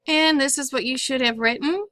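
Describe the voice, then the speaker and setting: A woman's voice: high-pitched, moderate pace, pushed and bright. A woman teaching a phonics lesson, patiently sounding out words syllable by syllable.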